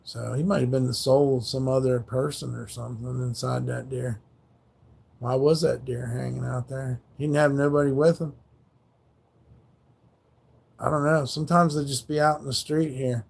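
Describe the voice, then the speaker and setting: A man's voice: medium pitch, steady tone, normal speed, creaky, a little mellow, husky. A man hosting a livestream, telling a rambling, profane story in casual slangy speech. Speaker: livestream host.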